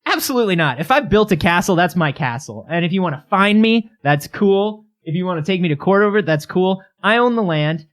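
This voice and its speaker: A man's voice: high-pitched, animated, a little fast, hardly any pauses, fairly bright tone. Profane ranting male podcast co-host. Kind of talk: comedic casual chat.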